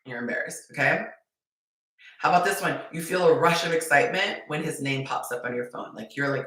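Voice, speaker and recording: A woman hosting a live-stream dating talk, playful and animated, acting out little scenes as she coaches. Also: low-pitched, recorded from a distance. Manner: playful, acts out scenarios in quick character voices and whispers. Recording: echoey room, voice heard from off the mic.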